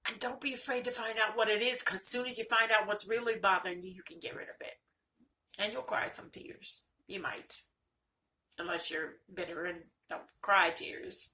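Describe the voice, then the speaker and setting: An older woman speaks straight to her viewers in a personal video, candid and earnest. Her voice is bright, and the talk feels close and confessional. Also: mid-range voice, fairly even intonation, moderate pace. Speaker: vlogger.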